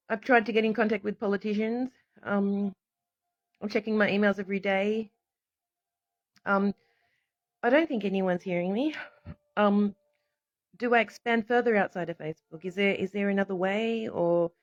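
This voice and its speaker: Woman, livestream monologue, rambling and animated, mid pitch, dull lo-fi phone audio. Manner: rambling, animated, laughs often. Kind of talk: casual live stream monologue.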